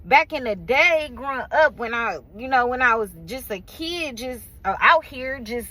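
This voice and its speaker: A woman's voice: high voice, lively intonation, moderate pace, pushed and bright, rough recording. A woman venting in a casual, rambling rant from her car, weary and frustrated, swearing freely and leaning on fillers. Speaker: vlogger and small business owner.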